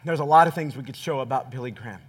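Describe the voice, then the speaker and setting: A man's voice: mid-range voice, very fast, breathy edge. A man preaching a sermon as pastor, speaking earnestly and directly to his congregation. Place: church sanctuary. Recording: reverberant church hall.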